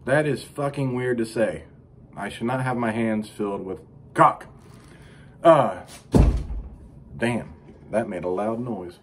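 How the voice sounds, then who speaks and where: A middle-aged man delivering a crude, rambling comic monologue as a vlog host, profane with deadpan asides. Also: mid-range voice, slow pace, long pauses, slight background noise.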